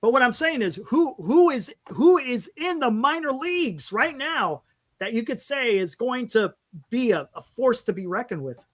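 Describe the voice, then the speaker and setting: A man's voice: extremely high pitch, big pitch swings, moderate pace. A man hosting a casual postgame fan talk show, frank and rambling, stumbling over player names as he reads stats. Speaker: fan podcast host.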